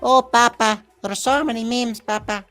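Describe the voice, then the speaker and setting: A man putting on a silly high sing-song voice of a character crooning to Papa. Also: steady tone, moderate pace, fairly bright tone, soft background music. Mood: cooing.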